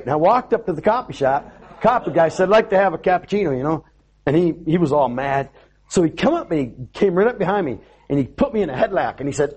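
A man preaches a sermon in a somewhat high, husky voice. His pitch swings widely as he tells his story with animation, stumbling and restarting his words along the way. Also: expressive, quick pace, a little mellow. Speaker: pastor.

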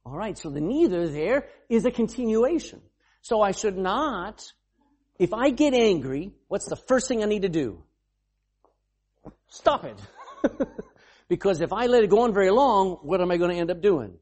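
A man preaching a sermon, calling on members to read and questioning the congregation, sometimes bursting into a shout. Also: high voice, very animated, normal speed, long pauses, slightly rough. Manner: calls on readers and questions the congregation. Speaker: pastor.

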